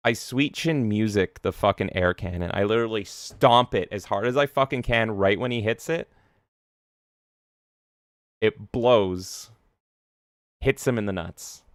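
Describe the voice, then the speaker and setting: Male host, animated storyteller, crisp voice, close and dry. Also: on the low side, measured pace, pauses often, no room sound. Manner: animated, swears a lot, acts out voices. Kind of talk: casual chat, storytelling.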